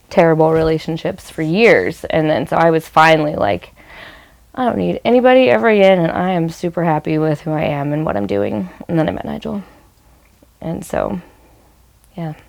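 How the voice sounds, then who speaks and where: A young woman recounting her relationship in an interview, hesitant and casual, with many pauses and fillers. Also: on the low side, creaky, darkish tone. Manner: hesitant, with many "um"s and "I don't know"s. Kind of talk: casual personal storytelling.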